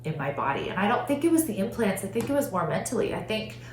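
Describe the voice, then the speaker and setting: A woman's voice: medium pitch, sing-song, fast. A woman hosting a podcast, telling a personal story in an earnest, heartfelt way, often saying "like". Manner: earnest, heartfelt, frequent "like" fillers. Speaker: podcast host. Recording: roomy echo with faint hum.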